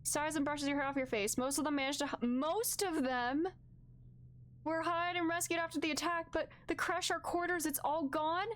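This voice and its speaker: A woman streamer reading a narrative game aloud and reacting live, moving from calm reading to loud, distressed outbursts. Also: high-pitched, moderate pace.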